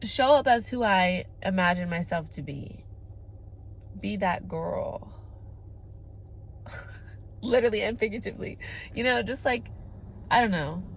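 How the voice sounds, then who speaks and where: A woman's voice: mid-range voice, animated, measured pace, pauses often, a little hiss or hum. Candid young woman vlogging. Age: 20s. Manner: candid, emphatic, swearing, many "like" fillers. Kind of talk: casual girl-talk monologue to camera.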